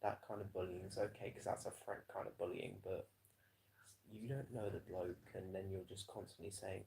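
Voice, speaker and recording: A man's voice: low voice, steady tone, moderate pace, creaky, a little mellow, rough recording. A British man chatting loosely on a live stream, rambling and swearing, with lots of "you know". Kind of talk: rambling casual livestream chat.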